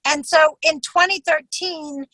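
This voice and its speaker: A woman's voice: high voice, steady tone, measured pace, sharp tone, no echo, poor audio. A woman telling a personal story as an interview guest, intense and often quoting others in their voices. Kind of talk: emotional personal account.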